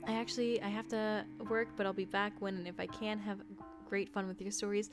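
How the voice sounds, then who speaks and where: A woman's voice: medium pitch, little pitch movement, fairly quick. A woman casually chatting on a live stream, reading viewers' scary stories and greeting chat with a giggly manner. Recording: music playing behind.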